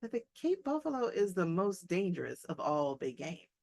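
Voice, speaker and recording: A woman's voice: fairly low pitch, big pitch swings, moderate pace, creaky, darkish tone, exaggerated voice. A woman reading aloud as a curious and polite male hunter who is a dinner guest. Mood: eager.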